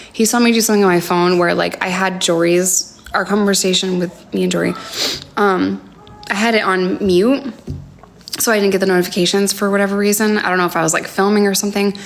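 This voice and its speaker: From indoors at home, a young woman tells a personal story on a phone livestream. Her medium-pitched, creaky voice is halting and hesitant, filled with fillers, and sometimes drops almost to a whisper.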